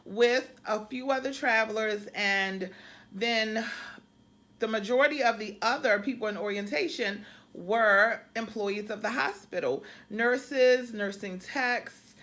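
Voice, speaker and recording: A woman's voice: a little high, slow, a bit bright. A woman travel nurse chatting casually to her viewers in a vlog, calling them y'all. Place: room used for filming.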